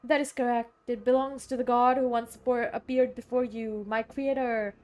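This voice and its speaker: Ancient cosmic watcher, solemn, grand, formal, voiced by a woman, a touch high. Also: little pitch movement, normal speed, lightly acted. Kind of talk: reading game dialogue aloud.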